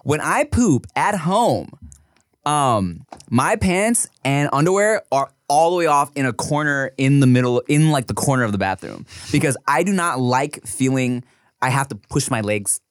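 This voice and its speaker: Thirties guy on a podcast, swings his pitch all over, dead dry mic, cussing and telling stories. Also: normal speed, dry recording. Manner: animated storyteller, swearing, acts out voices. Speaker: podcast co-host. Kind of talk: casual chat.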